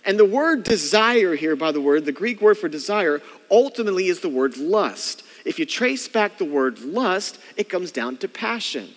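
A man's voice: high voice, sing-song, moderate pace, few pauses. A man preaching a conversational sermon as pastor, often slipping into the voices of churchgoers to show what they think. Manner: conversational preaching, mimics churchgoers' inner thoughts. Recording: long hall reverb.

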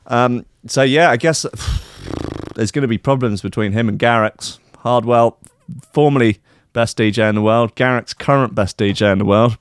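A man's voice: mid-range voice, fairly even intonation, moderate pace, clear, resonant tone, no echo, clean studio sound. A man hosting a comedy show, rambling through a silly story with lots of fillers. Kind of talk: comic storytelling.

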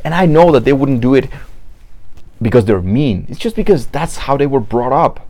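A man's voice: medium pitch, very animated, moderate pace, warm tone. A man from Mexico, a native Spanish speaker, hosting a podcast in English with a Mexican Spanish accent, talking casually, swearing and stumbling over repeated words. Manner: profane, repetitive restarts, acts out quoted people. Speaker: podcast host. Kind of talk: casual monologue.

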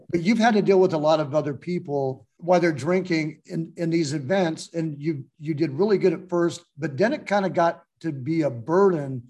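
A man's voice: a little high, a little mellow. A man hosting a podcast, asking questions in an easygoing way with loose, run-on phrasing. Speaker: podcast host. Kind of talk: casual interview questions.

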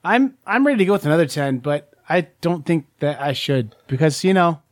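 A man's voice: a little high, lively intonation, fairly quick, no echo, clean studio sound. A man co-hosting a casual board game talk, rambling with lots of fillers and restarts. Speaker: podcast co-host. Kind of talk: casual chat.

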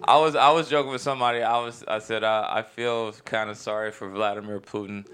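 A man's voice: on the low side, fairly even intonation, fairly quick, fairly bright tone. A man, a comedian guest, joking in laid-back podcast chat.

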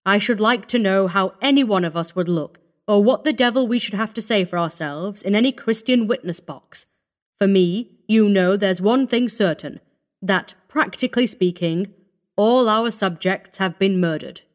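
A woman's voice: mid-range voice, moderate pace, lightly acted. A woman voicing a cool, sneering young male doctor with a dismissive, worldly manner.

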